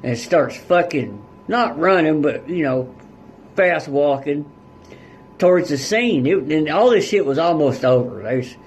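A man's voice: fairly high pitch, a little hiss or hum. Profane, blunt man telling a story. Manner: blunt and heavily profane, rural dialect. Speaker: podcast guest. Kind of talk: casual storytelling.

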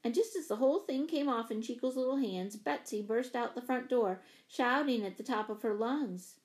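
A woman narrating a children's story aloud, with expressive shifts in pitch and volume. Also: moderate pace. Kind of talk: storybook reading.

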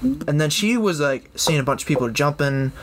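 A young man co-hosting a casual sports chat, telling stories in an animated way with frequent laughs. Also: a little high, moderate pace, a little hiss or hum. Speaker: podcast co-host.

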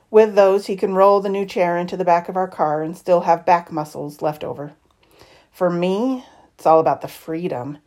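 Expressive woman reading a novel aloud. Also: fairly low pitch. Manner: expressive first-person narration with lively shifts in tone. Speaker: audiobook reader.

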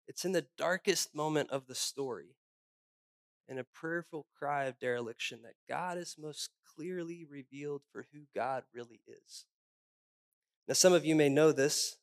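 A male pastor preaching a sermon, moving from personal stories to hushed, solemn reflection. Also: mid-range voice. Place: church.

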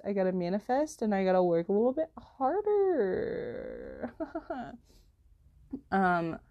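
A teenage girl chatting casually to camera as a student vlogger, rambling and peppering her talk with "like" and "literally", her voice jumping up when she gets exasperated. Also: muffled recording. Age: teens. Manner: rambling, heavy use of "like" and "literally"; animated, jumps in pitch when exasperated.

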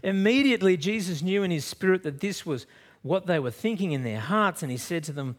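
Pastor telling a Bible story. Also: male voice, sits high, brisk. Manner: lively storytelling, swings from loud to soft. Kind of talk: sermon.

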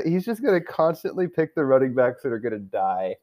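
A young man delivers a rambling, foul-mouthed recap of his fantasy football league, swearing constantly as he trash-talks his friends. His pitch swings up and down in lively leaps. He sounds like he has been drinking through a casual rant. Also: brisk, hardly any pauses.

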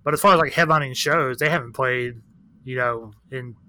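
Man, podcast guest, bright forceful voice, rambling, swears freely. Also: medium pitch, normal speed. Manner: candid, profane, rambling with many fillers. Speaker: guest, record shop owner. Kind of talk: casual chat.

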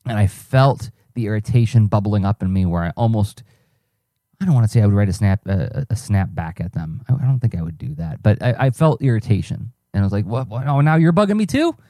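Low, mellow man musing aloud. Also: fairly quick, no room sound, studio quality. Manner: rambling, self-correcting, conversational. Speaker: podcast host, cartoonist and teaching artist. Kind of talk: reflective solo podcast monologue.

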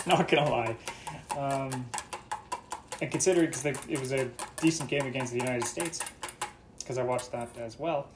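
A man's voice: medium pitch, moderate pace, pauses often, background noise. A man from Canada hosting a casual solo podcast, rambling and joking with plenty of swearing while he cooks breakfast. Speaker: podcast host. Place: home kitchen, cooking breakfast. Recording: kitchen clatter of dishes and cutlery.

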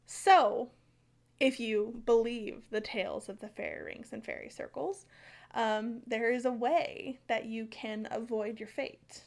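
A woman's voice: a little high, measured pace, creaky. An American woman co-hosting a podcast, chatting casually about folklore with lots of fillers and some stumbling. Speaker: podcast co-host.

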